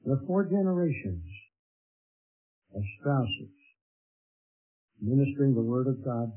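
Older man, husky voice, earnest sermon testimony, measured pauses, tinny narrow-band sound. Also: mid-range voice, animated. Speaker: preacher giving his testimony. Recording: tinny narrow-band old recording with faint music.

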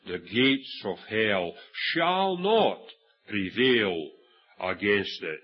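A man's voice: lowish voice, very animated, very slow, breathy edge, dull audio. A Scottish man preaching a sermon, telling a Bible story and acting out the quoted voices, with frequent restarts. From Scotland.

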